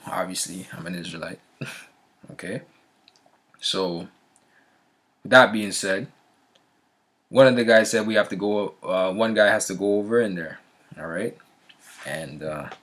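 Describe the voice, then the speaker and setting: A man's voice: sits low, fairly bright tone. A man telling a story in a loose, casual way, often checking in with the listener and restarting his sentences. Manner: frequent fillers and restarts, a laugh now and then. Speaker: vlogger.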